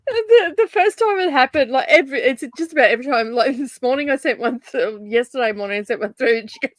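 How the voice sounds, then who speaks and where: A laughing Australian woman hosts a relaxed livestream and reads out messages from her viewers. Her voice sits a little high. It is recorded dry and close, with no room sound. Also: quick pace, dry recording. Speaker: livestream host. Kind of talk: casual chat.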